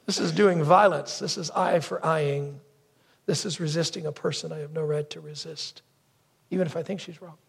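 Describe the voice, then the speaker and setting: A man preaching a sermon with a gravelly, slightly husky voice pitched a little high. He tells stories from his own life, dropping into other voices now and then. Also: steady tone, moderate pace. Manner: storytelling, acts out wife's lines and crow caws. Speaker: pastor.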